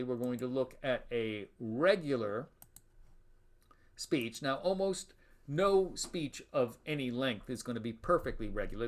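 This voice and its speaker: A male lecturer giving an online lecture on Shakespeare's verse, lively and jokey, chanting rhythms aloud into a webcam from a room at home. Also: medium pitch. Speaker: university lecturer.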